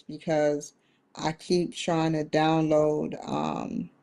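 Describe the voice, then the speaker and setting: A woman on a phone call with tech support, talking hesitantly and spelling things out slowly. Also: low voice, warm tone.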